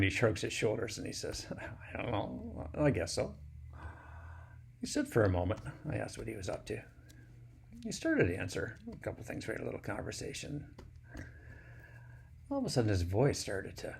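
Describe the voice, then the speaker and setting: Man, storyteller, low voice, gravelly, plain folksy telling, faint background hiss. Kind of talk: personal storytelling.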